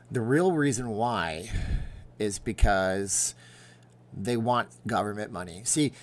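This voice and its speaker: Chatty sarcastic man hosting a livestream. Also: mid-range voice. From Las Vegas, Nevada. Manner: chatty, sarcastic, answers viewer chat. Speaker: livestream host. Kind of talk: casual livestream chat.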